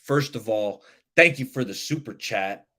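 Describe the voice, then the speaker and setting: A man's voice: fairly low pitch, animated, unhurried, sharp tone. A man hosting a live sports talk stream, chatting loosely and reacting to viewer comments. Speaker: livestream sports show host.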